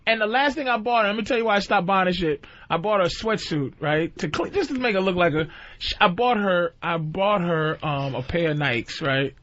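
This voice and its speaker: A man with a high, lively voice tells bawdy tales on a radio show. He mimics the voices of people from his stories. The sound is dull like an old broadcast. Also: brisk, few pauses. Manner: storytelling, acts out voices of women he met. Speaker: comedian guest. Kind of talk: casual crude radio banter.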